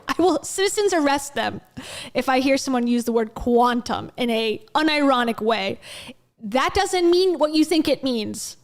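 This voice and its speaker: High-voiced sarcastic woman reacting. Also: lively intonation, moderate pace. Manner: sarcastic, blunt, swears, laughs often. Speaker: commentary YouTuber reacting to a clip. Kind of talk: reaction commentary.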